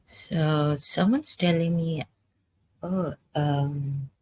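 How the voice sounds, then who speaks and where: Halting, husky-voiced speaker. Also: mid-range voice, steady tone, darkish tone, poor audio. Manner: halting, hesitant, many pauses and false starts. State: frightened, unsettled. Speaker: vlogger. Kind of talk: personal confessional monologue.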